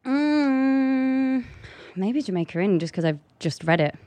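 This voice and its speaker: A woman's voice: sits high, animated, takes it slowly, dark tone, dry recording. A woman guest in a casual chat, talkative and a little self-deprecating.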